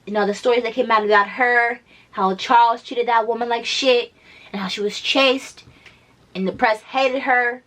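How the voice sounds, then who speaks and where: A woman vlogger giving casual reaction commentary, blunt and profane. She hammers her points home by repeating them. Her voice is bright and forceful, pitched a little high. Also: steady tone, moderate pace.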